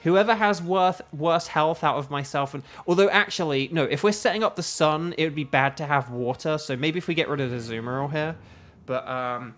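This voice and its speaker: Streamer: young English man, slightly higher voice, rambling casual chat, faint game music under him. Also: a little fast, a bit bright. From England. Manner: chatty, rambling, hums to himself while playing. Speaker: gaming streamer.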